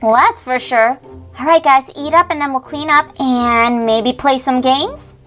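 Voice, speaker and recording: A woman's voice: sits high, a little slow, fairly bright tone, faint music behind. A woman playing an exasperated teen big sister. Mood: bossy. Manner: exasperated, sing-song, scolding. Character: teen big sister babysitting, bossy but kind. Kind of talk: toy doll role-play.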